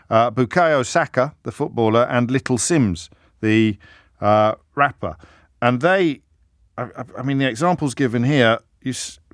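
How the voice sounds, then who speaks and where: Middle-aged radio host, musing and chatty, stammered restarts, dry close mic. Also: male voice, mid-range voice, dry recording. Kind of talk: live talk-radio monologue. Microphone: studio microphone.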